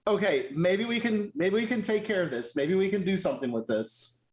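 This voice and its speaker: A man voicing his tabletop character, an anxious male adventurer who stammers and pleads in a worried, hurried way. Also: high-pitched, animated, pitched above the performer's own voice.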